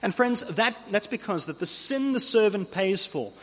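A man delivers an earnest, expository sermon and slows down deliberately when he reads scripture. His voice sits a little high for a man. It rings with the long reverb of a church hall. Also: expressive, a bit bright. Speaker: preacher.

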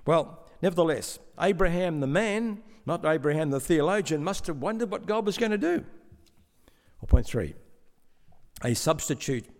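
A man preaching a sermon in a measured, explanatory way, with some stammering restarts. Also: on the high side, lively intonation, darkish tone. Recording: long hall reverb.

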